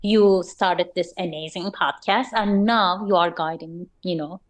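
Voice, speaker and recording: A woman's voice: on the low side, measured pace. Earnest woman. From Turkey. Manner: earnest, encouraging. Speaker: guest. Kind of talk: casual interview chat.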